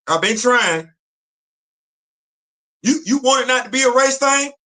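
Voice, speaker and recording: Male live-stream host, bright edgy tone, emphatic ranting commentary. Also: very high voice. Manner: emphatic, repetitive, street slang and rhetorical questions. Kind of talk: impassioned commentary. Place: home studio on a live stream.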